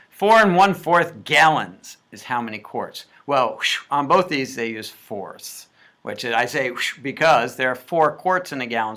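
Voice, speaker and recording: Bright-voiced man tutoring math homework. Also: mid-range voice. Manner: jokey, talks through math steps aloud. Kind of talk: playful homework walkthrough.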